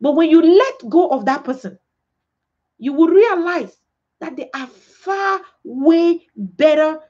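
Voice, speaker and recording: A woman pastor delivers a sermon in a high, bright-edged voice. She preaches emphatically, acting out little quotes and asking the room rhetorical questions. The recording sounds dull and lo-fi. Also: expressive, slow.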